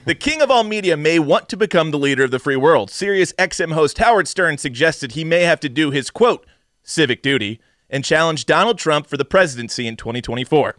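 An excitable, profane man co-hosts a podcast in casual chat. His voice sits a little high. The sound is dry and close. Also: a little fast, no echo. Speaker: podcast co-host.

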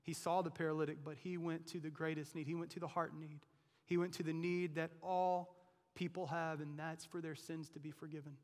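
A male pastor preaching in a high-pitched voice. He delivers the sermon conversationally and keeps checking in with the listeners. The voice rings out with the long reverb of a large church hall. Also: little pitch movement, a little fast, a little mellow. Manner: conversational preaching, frequent "like" and "right?".

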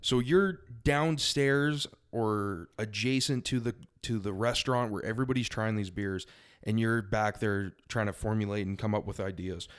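A man's voice: on the low side, moderate pace, clean tone. A man hosting a casual interview, asking chatty, rambling questions. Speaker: host.

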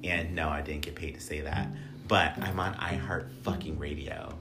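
A man with a very deep voice hosts a casual podcast. He talks in a chatty, playful way and swears freely. Music plays clearly underneath. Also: steady tone, normal speed. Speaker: podcast host.

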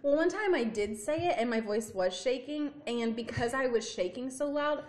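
A woman's voice: sits high, normal speed, darkish tone, reverberant. A young woman co-hosting a casual chat, telling stories with frequent laughter. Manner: giggly storytelling, laughs often. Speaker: podcast co-host.

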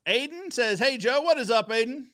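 A man's voice: extremely high pitch, expressive, moderate pace, sharp tone, dry recording. A man hosting a podcast in casual live-stream chat, upbeat, greeting viewers and reading their comments aloud. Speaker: podcast host.

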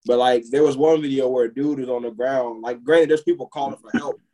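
A man's voice: mid-range voice, a little fast, dark tone, rough recording. Rambling man chatting on a podcast. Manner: rambling, heavy on filler "like". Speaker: podcast co-host. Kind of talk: casual chat.

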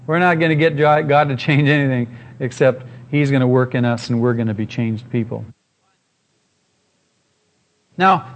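A man preaching a sermon as pastor, in an earnest, emphatic way with repeated phrases. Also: on the high side.

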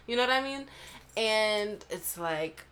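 Animated bright-voiced young New woman. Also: medium pitch, slow. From Brooklyn, New York. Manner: animated, profane, mimics voices in anecdotes. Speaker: podcast co-host. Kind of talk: casual chat, storytelling.

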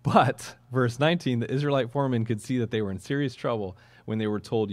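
A man's voice: mid-range voice, fast, few pauses, darkish tone, no room sound. A man preaching a sermon in a conversational way, with chuckling asides and questions to the congregation. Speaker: pastor.

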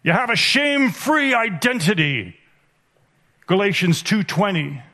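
A man giving a sermon as a conference speaker, animated and emphatic, swinging between hushed and raised delivery. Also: high-pitched, unhurried. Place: conference hall.

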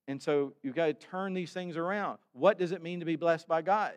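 A man preaching a sermon in a conversational way, with sudden bursts of loud emphasis. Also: on the high side, moderate pace. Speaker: pastor. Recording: long hall reverb.

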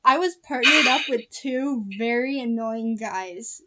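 High-voiced giggly young woman chatting. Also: measured pace, very noisy. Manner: giggly, rambling, lots of "like". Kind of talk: casual chat.

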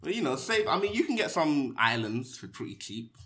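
A man's voice: a little high, big pitch swings, brisk, crowd noise. A young man, hosting a casual podcast and telling provocative, rambling jokes. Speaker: podcast host.

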